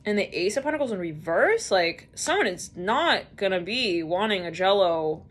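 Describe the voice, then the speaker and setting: A woman giving a rambling, chatty tarot reading, full of fillers and quick acted-out quotes. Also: medium pitch, big pitch swings. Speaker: tarot reader. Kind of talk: casual tarot reading monologue.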